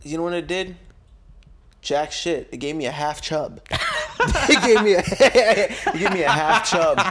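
A man's voice: on the high side, measured pace, crowd noise. A young man co-hosting a podcast, joking and laughing often in casual, profane chat. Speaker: podcast co-host.

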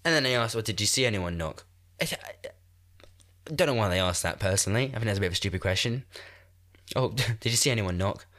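A podcast host in his twenties rambles through casual chat, laughing at himself and sounding nasal and congested from a cold. His fairly low voice moves fast with lively intonation and a pushed, bright quality, picked up by a new podcast microphone.

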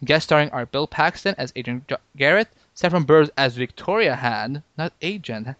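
A man hosting a podcast in casual chat, talking in halting bursts with lots of restarts and fillers. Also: a little high, animated, fairly bright tone, no room sound, dull audio. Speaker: podcast host.

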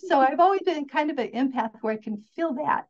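A woman's voice: high voice, lively intonation, fairly quick. An enthusiastic woman telling stories as a podcast guest, upbeat and rambling with restarts. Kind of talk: casual interview storytelling. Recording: dull lo-fi sound.

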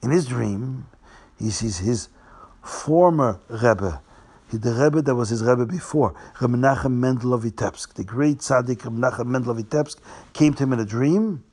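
A man telling a Hasidic tale, restating names and slowing down for drama. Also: mid-range voice, a little mellow, slightly rough. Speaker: storyteller.

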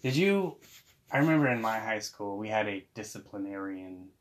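A man with a fairly low voice co-hosts a laid-back chat about a TV episode. He is playful and jokey, and sometimes breaks into a squeaky mock voice to act out a scene. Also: lively intonation, moderate pace. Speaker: podcast co-host. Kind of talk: casual chat recapping a TV episode.

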